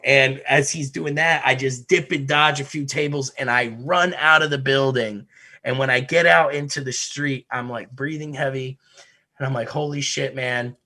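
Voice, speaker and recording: A man's voice: mid-range voice, normal speed. A man from Connecticut hosting a podcast, telling a wild story in a casual, profane way, laughing as he goes. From Connecticut, USA. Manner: profane, animated, laughs through his story. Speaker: podcast host.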